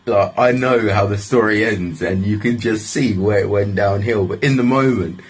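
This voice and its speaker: A young man tells a story in a deep, husky voice. He rambles and swears freely, and keeps padding his lines with "like". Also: moderate pace. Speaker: vlogger. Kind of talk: casual storytelling.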